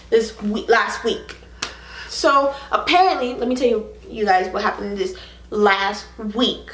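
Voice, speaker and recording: Young woman vlogger, frank storytime delivery, bright-ish higher voice, roomy echo. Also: a little slow, slight background noise. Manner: animated, frank, heavy on fillers. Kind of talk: casual storytime to camera. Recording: echoey room.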